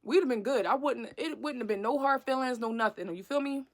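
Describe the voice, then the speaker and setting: A slightly high-voiced woman tells a date story to her viewers. She is blunt, slangy and full of profanity, and she acts out the retelling with energy. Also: fairly quick. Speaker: vlogger. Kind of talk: storytime narration.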